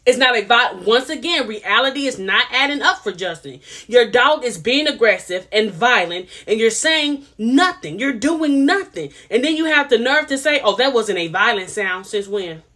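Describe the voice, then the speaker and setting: A woman's voice: a little high, animated, moderate pace, hardly any pauses, pushed and bright. A woman, giving casual, sassy commentary on a reality TV episode and repeating herself for emphasis. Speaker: reality TV reviewer.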